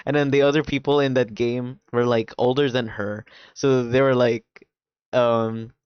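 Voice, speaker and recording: On a stream, a man chats casually while recapping a drama's plot, animated and excitable, swearing a lot and filling with "like." His voice is middle-pitched, a little slow, and clean-toned. The dry, slightly dull sound suggests a modest home mic.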